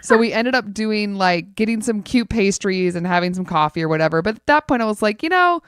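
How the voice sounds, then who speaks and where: Woman, casual podcast chat, animated storyteller, filler-heavy, average pitch, dry close mic. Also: brisk, smooth, dry recording.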